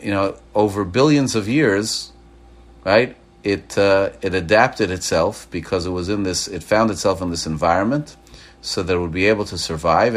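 Lowish-voiced man telling a teaching story. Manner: animated storyteller acting out quoted dialogue. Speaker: religious teacher. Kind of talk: Torah class lecture.

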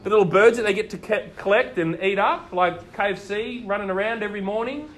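High-voiced man preaching. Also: fairly quick. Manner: animated storytelling, asks the listeners questions. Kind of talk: sermon.

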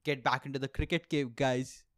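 A man's voice: medium pitch, moderate pace. A young man hosting a solo comedy podcast, ranting loosely and swearing freely. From India. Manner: animated, swearing, jumps into mock voices. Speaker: podcast host, stand-up comedian.

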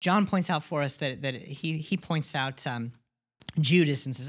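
A woman's voice: low voice, a little slow. A woman pastor preaching a sermon in an earnest way, often restarting and repeating words and asking the congregation questions.

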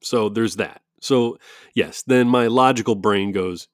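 A man's voice: fairly low pitch, unhurried, no room sound. Rambling man talking into a dry mic. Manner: rambling with restarts, chuckles and mock quotes. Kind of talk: casual rambling monologue. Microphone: studio-style microphone.

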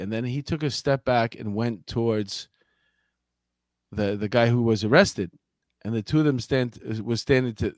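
A man's voice: mid-range voice, no echo, studio quality. A man co-hosting a casual crime news podcast, telling stories in a joking, profane way and acting out the people in them. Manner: animated storytelling, acts out voices. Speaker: podcast co-host.

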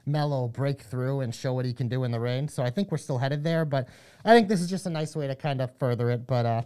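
A man's voice: medium pitch, mellow, clean tone. A man in casual podcast chat with a mid-range voice. He runs the show, rattling off plugs and match cards in an upbeat way. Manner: upbeat, reads plugs quickly. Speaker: podcast co-host.

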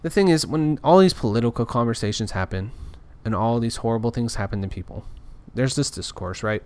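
A man's voice: mid-range voice, animated, brisk, darkish tone. A man talking in a casual, rambling rant, frustrated and full of restarts. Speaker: podcaster. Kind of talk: casual ranting monologue.

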